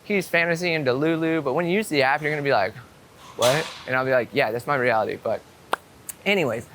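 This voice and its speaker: A man telling a story to camera outdoors in a casual, excitable way, swearing and acting out what people said. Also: mid-range voice, fast talker, background noise. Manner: excitable, swearing storyteller with many "I'm like" quotes. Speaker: vlogger. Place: outdoors on a city street.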